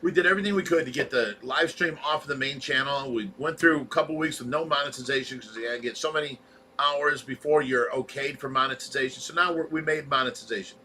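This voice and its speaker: A man's voice: mid-range voice, fast talker, sharp tone, slight background noise. A man co-hosting a casual livestream chat, reading viewer comments and talking in long run-on explanations. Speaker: co-host of a fish rescue livestream.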